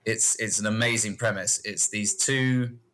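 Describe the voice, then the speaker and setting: A man's voice: fairly low pitch, a little slow. A man co-hosting a casual podcast, rambling through film scenes and acting out the characters. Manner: rambling, animated retelling of film scenes with put-on character voices. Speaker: podcast co-host. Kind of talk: casual chat about films.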